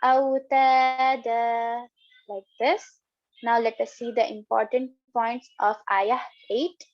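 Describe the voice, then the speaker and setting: A woman's voice: fairly high pitch, highs cut off. A woman teaching a recitation lesson step by step, patiently repeating each example several times.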